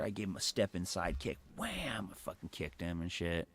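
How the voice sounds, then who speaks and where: Deep gravelly man, rambling and profane. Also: animated, moderate pace. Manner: profane, rambling, heavy filler words. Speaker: livestreamer. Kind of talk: casual storytelling on a live stream.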